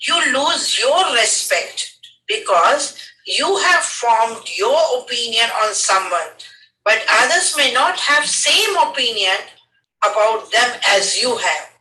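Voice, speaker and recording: An older Indian woman, a retired school head, giving a measured lecture on teachers' duties in Indian English. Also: on the high side, sing-song, pushed and bright, reverberant, distant mic, low-quality recording. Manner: slow, measured, instructive list of dos and don'ts.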